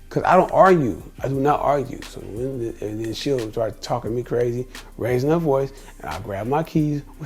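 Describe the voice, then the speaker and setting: A man's voice: mid-range voice, expressive, brisk, darkish tone, faint music behind. A middle-aged man from the United States, telling personal stories in a casual vlog monologue, rambling and acting out what people said. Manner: rambling, repeats himself, quotes people in dialogue. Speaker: vlogger.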